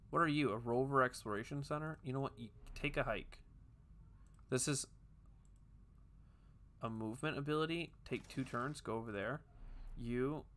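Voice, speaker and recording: A man giving casual, chatty commentary while playing a game, talking to himself with quick jokey asides. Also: medium pitch, bright, forceful tone. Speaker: gaming video host.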